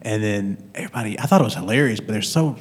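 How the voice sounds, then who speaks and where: A man's voice: lowish voice, lively intonation, quick pace, husky, long reverb tail. A man hosting a casual podcast interview, easygoing and upbeat. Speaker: podcast host.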